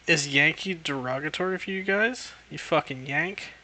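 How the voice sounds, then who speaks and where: A man's voice: a little high, normal speed, pushed and bright. A young man chatting casually on a livestream, rambling and swearing constantly.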